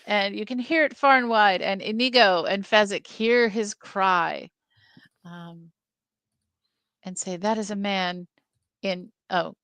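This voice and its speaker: Bright-voiced woman, dry mic. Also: mid-range voice, slow, long pauses, clean tone, dry recording. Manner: helpful, corrects and fills in details. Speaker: podcast co-host. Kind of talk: casual film review chat.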